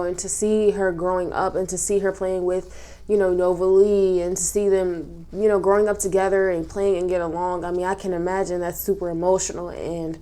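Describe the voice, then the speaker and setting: A woman with a somewhat low voice talks casually through a reality show recap. She is tearful and sniffling, stopping and restarting with plenty of fillers as she goes. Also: little pitch movement, moderate pace, warm tone. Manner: emotional, talks through tears, many fillers. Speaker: recap vlogger.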